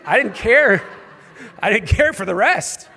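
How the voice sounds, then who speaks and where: A man's voice: high-pitched, lively intonation, measured pace, vocal fry, pushed and bright, husky, big-room sound, some chatter behind. A man with a New York accent preaching a sermon in a church, with humorous, conversational storytelling. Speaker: pastor. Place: church auditorium.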